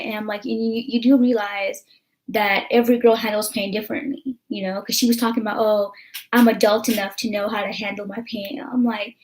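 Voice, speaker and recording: A woman's voice: on the high side, little pitch movement, fairly quick, darkish tone. A young American woman vlogging in casual chat, rambling with lots of fillers and swearing.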